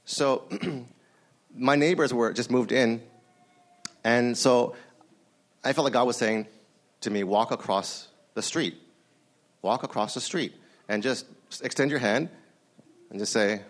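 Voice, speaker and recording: A man's voice: mid-range voice, slow pace, long pauses. A man preaching a sermon in a conversational storytelling way, talking straight to the audience and acting out the dialogue he quotes. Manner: animated, acts out quoted dialogue; conversational, addresses the audience directly.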